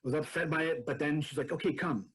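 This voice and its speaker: A man recounts his own experience in a prerecorded talk. His voice is husky and sits fairly high. He speaks haltingly and earnestly, with many restarts and fillers. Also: poor audio. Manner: earnest and animated when retelling fear. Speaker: presenter. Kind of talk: prerecorded first-person account.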